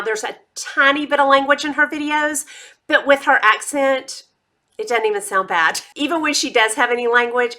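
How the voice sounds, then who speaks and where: A woman's voice: fairly high pitch, bright, forceful tone. A middle-aged woman, chatting casually about her monthly favorites with enthusiastic asides. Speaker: beauty and lifestyle vlogger.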